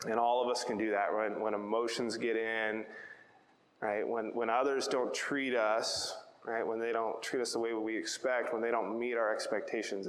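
A man's voice: fairly low pitch, reverberant, big-room sound, poor audio. A man preaching a sermon, telling a personal story in a chatty way and often asking "right?". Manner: conversational storytelling, repeats words, asks "right?". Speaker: pastor.

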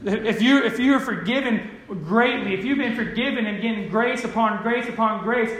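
A man with a high voice preaches a sermon, checking in with his listeners over and over. He swings from loud, urgent emphasis down to low, quiet earnestness. The room around him rings with a church echo. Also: normal speed, hardly any pauses. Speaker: pastor. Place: church sanctuary.

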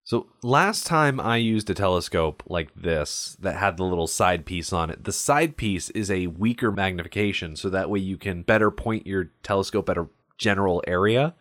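A man's voice: sits low, moderate pace, few pauses, fairly bright tone, no room sound, studio quality. A man co-hosting a podcast, explaining things in a casual film discussion and sometimes reading aloud. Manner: explanatory, reads aloud at times. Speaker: podcast co-host.

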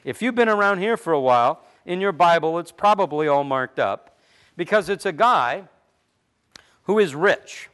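A male pastor delivering a sermon in a fairly high, very animated voice that swings widely in pitch. He pushes his points with emphasis and repeated words, then drops suddenly into low, quiet asides. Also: moderate pace, smooth.

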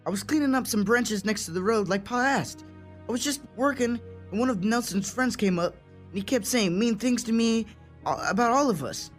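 A young actor playing a frightened, remorseful teenage son in an audio drama. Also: male voice, extremely high pitch, normal speed, soft background music. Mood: fearful. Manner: stammering, fearful.

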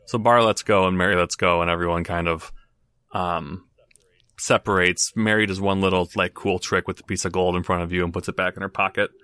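A man's voice: sits low, fairly even intonation, fairly quick, pushed and bright, clean tone, no room sound. A man narrating as game master in a tabletop game, casual, with many fillers.

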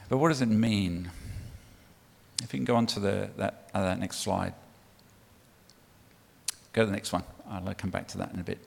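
A man preaching to his church, his voice low and gravelly. He talks in a punchy, conversational way and coaxes the congregation to call back to him. His words ring out with the long reverb of a big hall. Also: fairly even intonation, moderate pace, long pauses. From United Kingdom. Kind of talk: sermon.

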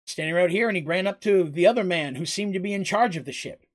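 A man's voice: high-pitched, fast talker. A man narrating a tabletop game as game master, casual and rambling.

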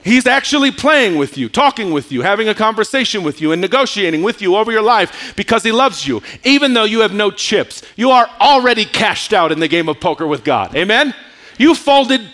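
A man's voice: sits high, big pitch swings, brisk, hardly any pauses, sharp tone. A male pastor preaching a sermon at a church service, joking and drawing responses from the congregation.

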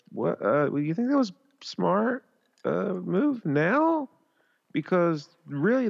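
A man's voice: medium pitch, clear, resonant tone. A man co-hosting a podcast in casual comedic chat, rambling and sarcastic, laughing often. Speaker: podcast co-host. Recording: dull lo-fi sound.

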